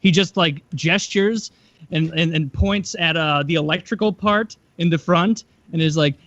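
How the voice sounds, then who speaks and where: A man's voice: fairly high pitch, normal speed, a bit bright, no echo. A man co-hosting a podcast, laughing often and acting out bits in his stories. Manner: laughing, does mock voices in stories. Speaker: podcast co-host. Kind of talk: casual comedic chat. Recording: dry, dull lo-fi sound.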